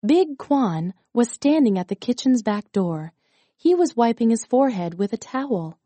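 A woman's voice: a little high, big pitch swings, moderate pace, dark tone, dry recording. Woman reading a children's storybook. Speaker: narrator. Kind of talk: storybook read-aloud.

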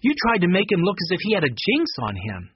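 Man doing teen boy sleuth, steady, husky, storybook. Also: high voice, fast talker, dry recording, dull audio, pitched above the performer's own voice, full character voice.

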